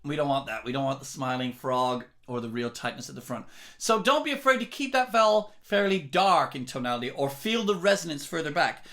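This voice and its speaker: A man's voice: on the high side, expressive, brisk, pushed and bright. A man teaching rock singing, explaining technique in a careful, step-by-step way. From England. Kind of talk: vocal lesson.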